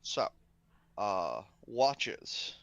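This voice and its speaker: A man's voice: lowish voice, big pitch swings, very slow, gravelly, a bit bright, no room sound, muffled recording. A tired man running a tabletop game as game master, laid-back and laughing often on a voice call. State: tired, yawning. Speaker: dungeon master.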